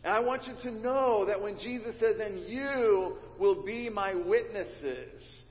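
A man's voice: high voice, takes it slowly. A man preaching a sermon as pastor, teaching and leading his congregation in call and response. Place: church sanctuary. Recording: dull recording in a reverberant church hall.

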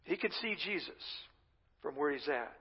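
A man's voice: fairly high pitch, animated, moderate pace, slightly rough. A male pastor preaching a sermon, retelling a scripture story in his own conversational words. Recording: reverberant dull-sounding hall.

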